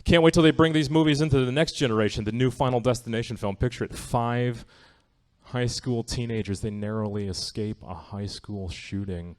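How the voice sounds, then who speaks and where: On a theatre stage, a man does stand-up in a mid-range voice with a steady tone and moderate pace. He is wry and conversational in a loose way, often turning to the audience with "right?".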